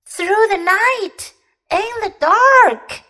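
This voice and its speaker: Woman doing a high, anxious baby bear boy. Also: takes it slowly, fairly bright tone, full character voice. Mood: nervous. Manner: anxious, pleading. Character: timid little baby bear boy, scared of dark.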